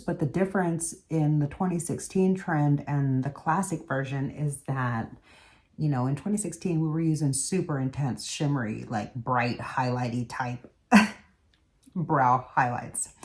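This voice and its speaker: A woman's voice: deep voice, a little mellow. A woman beauty vlogger chatting casually as she does her makeup in a tutorial. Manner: chatty, talks while doing makeup.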